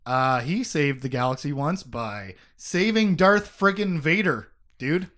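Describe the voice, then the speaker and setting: A man hosting a casual book discussion podcast, animated, laughing often and swearing casually as he reads passages aloud. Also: fairly high pitch, a little slow. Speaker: podcast host.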